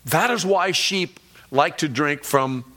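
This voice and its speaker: A pastor preaching a sermon, telling stories and slowing down to stress key words and scripture. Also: male voice, on the high side, bright, forceful tone. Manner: storytelling, slows down for emphasis on key words.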